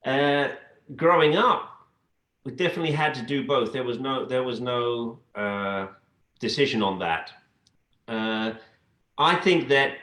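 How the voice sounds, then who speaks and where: Man chatting halting in an echoey room. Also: mid-range voice. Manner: relaxed, halting, with restarts. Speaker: guest, dance adjudicator. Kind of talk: casual interview chat.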